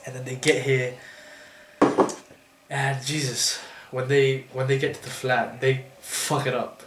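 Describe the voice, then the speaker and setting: A man telling a story in casual chat, animated and acting out what people said, with frequent restarts. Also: mid-range voice, measured pace. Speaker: storyteller friend. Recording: echoey room with faint noise.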